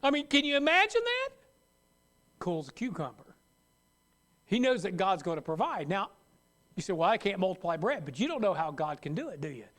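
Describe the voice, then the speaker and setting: A man's voice: high voice, very animated, brisk, long pauses, a bit bright. A man preaching a sermon as pastor, talking conversationally and acting out worried voices. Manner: conversational, acts out worried voices, laughs at own jokes.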